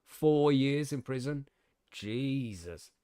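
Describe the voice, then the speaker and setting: A young podcast host from the UK, loose and loud-mouthed, swearing and laughing as he tells stories and reads the news. His voice sits at an ordinary male pitch, recorded dry and close with no room sound. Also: lively intonation, takes it slowly, clean tone, no echo. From United Kingdom. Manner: swearing, laughing, gobby storytelling. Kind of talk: casual chat, reading news aloud.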